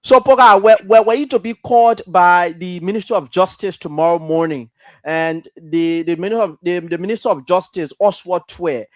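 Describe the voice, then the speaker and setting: Halting man hosting a call-in show. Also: high voice, dry recording. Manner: measured, halting, with frequent fillers. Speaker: radio talk show host. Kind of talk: live call-in radio hosting.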